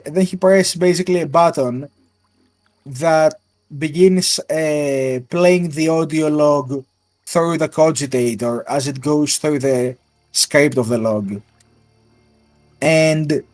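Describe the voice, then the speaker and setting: A man's voice: a little high, a little mellow, dry recording. A man narrating a tabletop role-playing game as game master, descriptive with fillers and asides.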